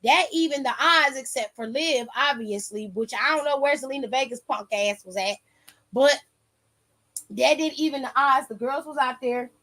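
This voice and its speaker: A woman's voice: high-pitched, normal speed, a bit bright. A woman hosting a podcast, casually retelling a match with quoted dialogue and some swearing. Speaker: podcast host. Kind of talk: casual wrestling recap.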